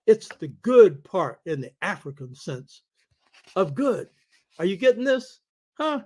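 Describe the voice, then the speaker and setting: High-voiced older man lecturing like a preacher. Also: sing-song, measured pace, darkish tone. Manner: preaching cadence, calls out to listeners for agreement. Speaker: show host. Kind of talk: lecture-style radio talk.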